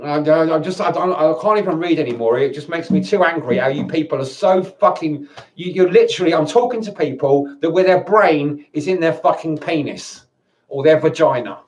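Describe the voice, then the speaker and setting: A man's voice: fairly high pitch, lively intonation, a little fast, a little mellow. Angry, stammering man ranting. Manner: angry, swearing, stammering restarts. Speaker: vlogger.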